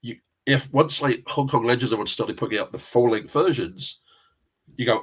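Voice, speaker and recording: A man's voice: medium pitch, brisk, breathy edge. A middle-aged man, telling rambling anecdotes as a guest in a casual interview. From England. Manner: rambling anecdotal storyteller, chuckles often. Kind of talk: casual chat.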